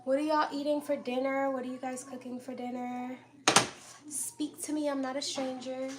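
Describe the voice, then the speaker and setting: A woman's voice: sits high, level tone, normal speed. Chatty woman streaming from her kitchen. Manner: chatty, greets viewers by name, laughs often. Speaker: livestream host cooking dinner. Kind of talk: casual live-stream chat while cooking. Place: home kitchen with pots and dishes clattering. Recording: kitchen clatter and household noise in background.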